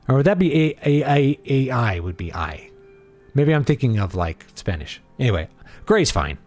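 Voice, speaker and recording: A man's voice: mid-range voice, darkish tone. A man hosting a casual livestream who talks in a blunt, opinionated and playful way. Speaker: livestream host and writer.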